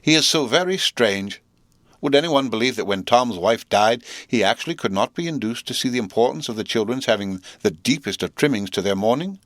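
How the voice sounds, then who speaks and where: A man's voice: mid-range voice, animated, brisk, fairly bright tone, dry recording, lightly acted. A man voicing a fussy, affected older woman relative who complains in a prim, indignant tone, in a dry-sounding storybook reading.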